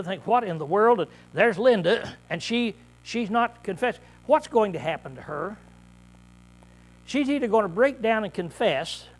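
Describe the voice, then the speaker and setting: A man preaching a conversational Bible-study sermon, often clearing his throat and checking in with "see?" as he repeats and restarts phrases. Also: high voice. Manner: repetitive, restarts mid-phrase.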